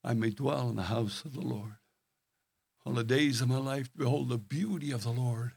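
A man's voice: mid-range voice, normal speed, vocal fry, husky, no echo. Earnest older man preaching, dry sound. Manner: storytelling, earnest, swings from loud emphasis to hushed tones. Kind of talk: sermon.

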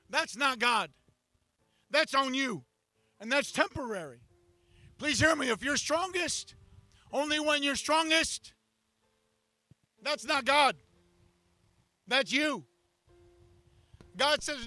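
A male pastor delivers an impassioned sermon at an outdoor beach service. His voice sits unusually high and bright, and his intensity climbs until he shouts at the peaks. The sound is dry and close to the mic. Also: slow, pauses often, no echo.

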